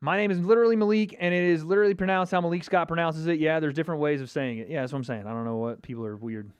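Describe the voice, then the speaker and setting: A man's voice: on the high side, racing, clean tone, no room sound. A man hosting a casual livestream watch party, chatting and reacting to viewer comments. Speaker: livestream host.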